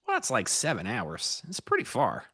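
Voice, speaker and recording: Animated joking man on a live stream. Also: medium pitch, moderate pace, vocal fry, breathy edge, no echo, clean studio sound. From Pennsylvania. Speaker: co-host of a live trading stream. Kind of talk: casual chat.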